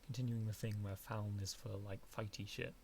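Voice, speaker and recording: A man's voice: on the low side, flat delivery, brisk, a little mellow, a little hiss or hum. A man streaming a game live, reading its dialogue aloud in a casual, playful way.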